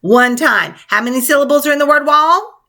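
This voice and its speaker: A woman teacher leading a spelling lesson for young children, spelling words out letter by letter in a slow, clear, encouraging way. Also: high-pitched, lively intonation, sharp tone.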